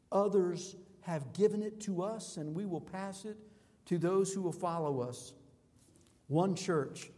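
A man's voice: fairly high pitch, mellow. A man preaching a sermon as a pastor, emphatic and declamatory, building through rhythmic repetitions. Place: church sanctuary. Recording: long reverb of a large hall.

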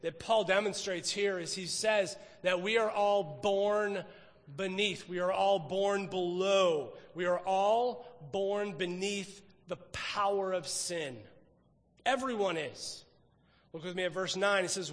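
Emphatic high-voiced male preacher. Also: measured pace, a bit bright, long reverb tail. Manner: emphatic, repeats phrases for stress. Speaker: pastor. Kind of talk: sermon.

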